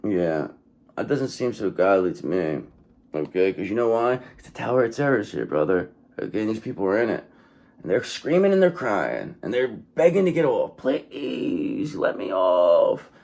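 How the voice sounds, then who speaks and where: Gravelly, blunt male tarot reader. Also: lowish voice, sing-song, normal speed, a little mellow. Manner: blunt, profane and repetitive, often says okay. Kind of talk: casual tarot reading monologue.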